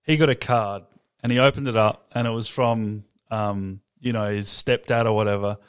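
A man's voice: on the low side, steady tone, moderate pace, clean tone. A man co-hosting a podcast in casual chat, often laughing and trailing off mid-sentence. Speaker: podcast co-host.

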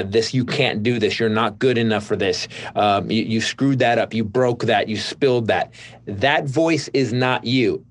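A middle-aged male comedian telling stories in casual conversation, rambling with lots of restarts. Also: medium pitch. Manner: rambling storytelling with many restarts. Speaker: comedian, guest.

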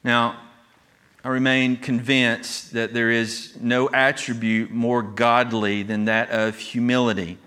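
A man's voice: mid-range voice, level tone, takes it slowly, sharp tone. A pastor preaching an earnest, emphatic sermon, restarting phrases as he goes.

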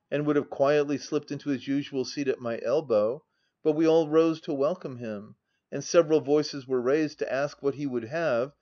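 A man's voice: medium pitch, darkish tone, lo-fi sound. Man reading a classic novel aloud. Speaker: audiobook narrator. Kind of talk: scripted narration of a novel.

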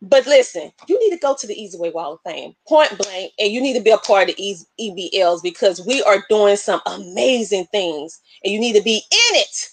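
A woman hosting a live online show, talking in an animated, emotional, preacherly way. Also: medium pitch, fairly quick, few pauses, no echo. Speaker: show host.

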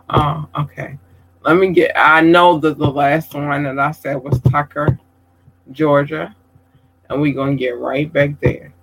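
A man giving casual livestream shout-outs to viewers, effusive and affectionate, calling them babies and swearing casually. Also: a little high, little pitch movement, slow, creaky, long pauses, slight background noise, low-quality recording.

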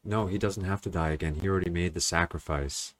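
A man joining a Bible discussion, chiming in softly and agreeing, heard from some distance off the mic. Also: deep voice, steady tone, fast. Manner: soft, agreeing interjections. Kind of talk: casual chat.

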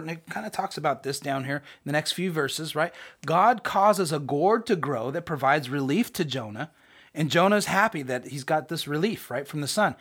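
A man's voice: on the high side, a bit bright. A man teaching a podcast Bible lesson in a conversational way, often asking rhetorical questions.

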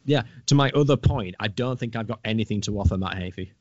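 Low-voiced man, teasing. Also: fast talker, darkish tone, dry recording. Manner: teasing, joking, sweary. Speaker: podcast co-host. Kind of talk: casual chat. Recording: dull dry lo-fi audio.

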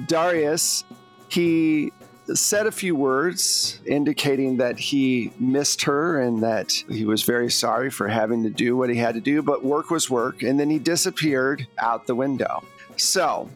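A man who is the game master, narrating a tabletop role-playing game in a measured storytelling manner. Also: mid-range voice.

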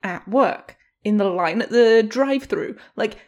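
A woman's voice: mid-range voice, unhurried. A woman podcast co-host ranting in casual chat, furious and swearing heavily. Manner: furious, heavy swearing rant.

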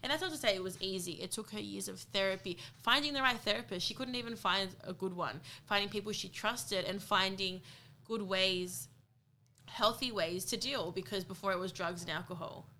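A woman's voice: medium pitch, moderate pace, bright, forceful tone. A woman co-hosting a podcast, talking earnestly and from the heart in a candid conversation. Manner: earnest, heartfelt, retells friend's words. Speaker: podcast co-host.

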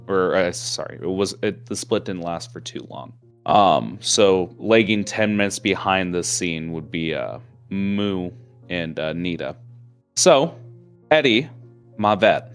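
A man running a tabletop game as game master, narrating the scene with many fillers and self-corrections. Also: low-pitched.

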